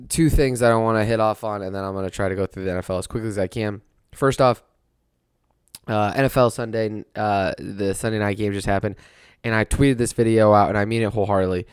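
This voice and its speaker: A man's voice: fairly low pitch, smooth, no room sound, clean studio sound. A young adult man hosting a casual sports talk monologue, rambling and rueful, laughing at his own misery. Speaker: podcast host.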